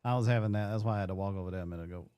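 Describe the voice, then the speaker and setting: A man with a Cajun accent, roleplaying in character with a folksy drawl and rough grammar. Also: fairly low pitch, rapid-fire, warm tone, no room sound.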